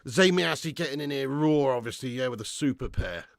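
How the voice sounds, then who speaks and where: A man hosting a live football watch-along, calling the play and chatting casually with viewers, swearing freely and swinging between excited shouts and weary sighs. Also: mid-range voice, a little fast, gravelly, dry recording. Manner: casual and matey, thanks viewers by name. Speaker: fan channel host doing live match watch-along.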